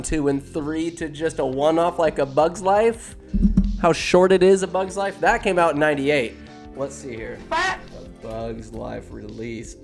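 A young man chats loosely and profanely as he ranks films, cracking self-deprecating jokes along the way. His voice sits a little high for a man. Faint music plays softly underneath. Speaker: solo movie-ranking streamer. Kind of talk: casual rambling commentary.

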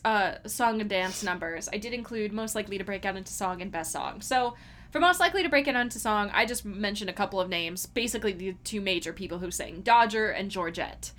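A woman's voice: mid-range voice, fairly bright tone. A woman co-hosting a casual podcast chat, giggly and gushing as she quotes lines. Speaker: podcast co-host.

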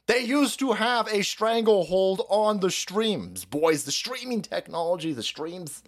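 A man's voice: high voice, big pitch swings, moderate pace, few pauses. A man in his thirties hosting a stream, ranting about politics in a profane, mocking way and slipping into silly voices. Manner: foul-mouthed, mocking, puts on silly voices. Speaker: podcast host.

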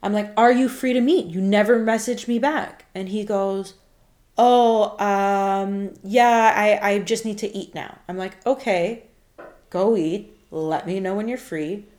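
An animated woman co-hosting a chat show, telling her own stories and acting out the texts she got. Her voice sits in a middle register. The recording has a roomy echo. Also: mid-range voice, unhurried. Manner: animated, acts out quoted texts. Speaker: podcast co-host. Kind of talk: casual chat, storytelling.

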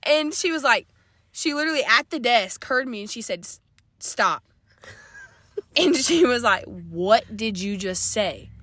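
A woman's voice: fairly high pitch, a little slow, no room sound. A woman with a Boston accent, chatting casually as a podcast co-host inside a car and telling stories in a rambling way with lots of "like". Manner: animated storyteller, restarts, lots of "like". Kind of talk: casual chat.

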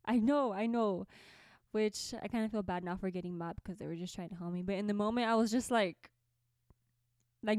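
Speaking at a moderate pace with fairly even intonation, this young woman has a medium-pitched, slightly mellow, smooth voice captured in clean, echo-free studio sound. She's a podcast host and musician sitting in a small orange bedroom beside a window. She recounts a story to camera in a chatty way, full of laughter and filler words.

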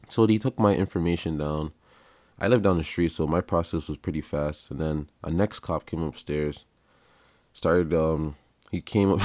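A young podcast host tells stories casually in a laid-back, slangy style, laughing along the way. His very deep, darkish voice keeps a fairly even intonation at normal speed, and the recording is dry.

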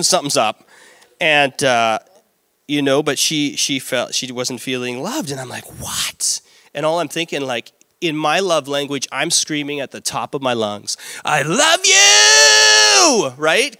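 A middle-aged pastor with a bright, forward voice delivers a lively sermon. He tells stories with playful asides, and his voice sits somewhat high for a man. The sound is close and dry. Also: no room sound. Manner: lively storytelling with playful asides and acted-out quotes.

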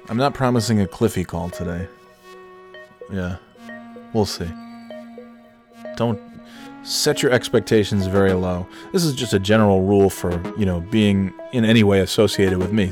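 A man's voice: moderate pace, pauses often, soft background music. A man hosting a podcast, telling a rambling, self-deprecating story in casual chat. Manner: rambling, self-deprecating, acts out quotes in high yelling voices. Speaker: podcast host.

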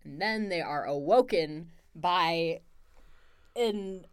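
A woman's voice: on the low side, slow, clean tone, no room sound, clean studio sound. A young woman co-hosting a casual book podcast, laughing often and playfully acting out characters' lines. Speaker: podcast co-host. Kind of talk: casual book-club chat.

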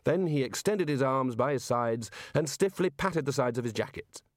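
A man narrating an audiobook in an expressive reading voice. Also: mid-range voice, moderate pace, no echo, clean studio sound. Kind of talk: scripted narration.

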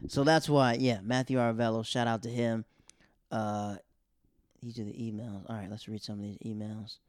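A young man hosting a podcast, telling funny stories casually and acting out quotes in loud raised voices. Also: medium pitch, clean tone, no room sound, clean studio sound. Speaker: podcast host. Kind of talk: casual comedic storytelling.

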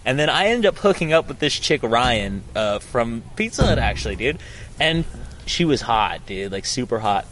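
A man's voice: medium pitch, big pitch swings, moderate pace, fairly bright tone, a little hiss or hum. Slangy young man telling a wild story. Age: young adult. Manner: slangy, profane, says "dude" and "bro" a lot. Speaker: podcast host. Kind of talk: casual storytelling chat. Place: outdoors on a college campus.

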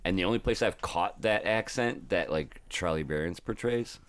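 Deep-voiced rambling trucker man. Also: normal speed, a bit bright, dry recording. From Ohio. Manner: rambling, with many filler words and restarts. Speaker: truck driver guest. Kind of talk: casual podcast chat.

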